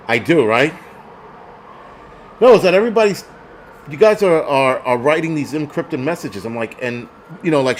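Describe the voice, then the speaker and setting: A man's voice: medium pitch, slight background noise. A man hosting a casual livestream, reading chat comments aloud and ranting bluntly with plenty of profanity.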